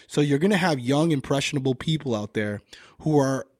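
A man's voice: medium pitch, expressive, a little fast, darkish tone, no echo, studio quality. A man co-hosting a casual podcast, reading things aloud and commenting bluntly with plenty of swearing. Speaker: podcast co-host.

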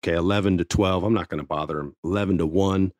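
A man, a former wrestling TV writer, telling a casual backstage story with lively acted-out quotes and free swearing. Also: deep voice, fast, no room sound. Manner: animated, swears freely, acts out quotes.

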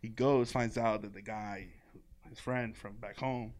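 A man's voice: on the low side, steady tone, a little slow, no room sound. A man in casual podcast chat, telling stories with lots of laughter and acted-out quotes. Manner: laughing storyteller, acts out quoted voices. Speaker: podcast guest.

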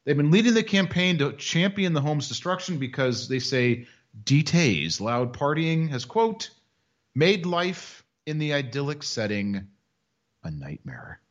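Sarcastic man with lively up-and-down voice. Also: fairly high pitch, a little slow, dull audio. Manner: sarcastic, mocking storytelling. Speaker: podcast co-host. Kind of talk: casual chat.

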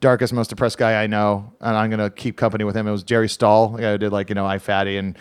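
A man's voice: fairly low pitch, quick pace, clean tone, no room sound, clean studio sound. A man, a stand-up comedian, chatting casually on a podcast and acting out people in his stories. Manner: animated storyteller, acts out voices with laughs. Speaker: comedian guest.

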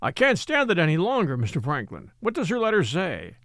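A man voicing an excitable elderly male house steward who pleads urgently. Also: a little high, fairly quick, dry recording, studio quality, full character voice. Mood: urgent pleading.

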